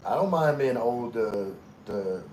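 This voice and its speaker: Here a livestream host, a middle-aged man from Louisiana, reads comments in a relaxed, drawling Southern accent and greets people by name. He speaks slowly and expressively in a mid-range voice with a somewhat dark tone, over a slight hiss or hum.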